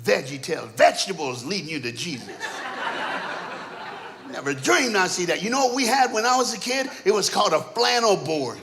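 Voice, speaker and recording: A man preaching in a church, telling comic stories from his childhood with lively, punchy delivery and acting out family members. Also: high-pitched, a little fast, noisy background. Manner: animated, punchy storyteller who acts out family characters. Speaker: guest preacher. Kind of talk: comedic storytelling sermon. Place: church auditorium stage.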